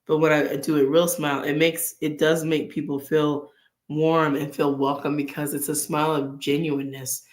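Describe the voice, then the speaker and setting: A woman's voice: sits low, level tone, moderate pace. Earnest woman in a roomy echo. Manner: earnest, acts out inner dialogue. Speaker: vlog host. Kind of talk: casual faith chat.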